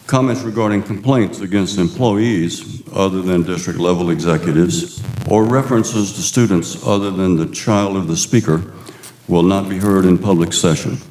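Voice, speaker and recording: A man's voice: deep voice, darkish tone. A man chairing a school board meeting, formally reading out the procedures for public comments. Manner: formal, measured. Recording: echoey meeting room.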